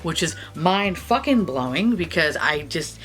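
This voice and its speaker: A woman's voice: low voice, unhurried. A woman vlogger telling stories casually, swearing often and rambling. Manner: profane, rambling, animated. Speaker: beauty vlogger. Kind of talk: casual storytelling vlog.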